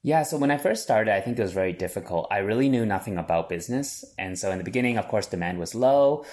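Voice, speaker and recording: Low-voiced guy in his 30s, earnest interview guest, restarts sentences a lot. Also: expressive, quick pace, darkish tone. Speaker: guest, chef and business owner. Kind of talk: interview answers.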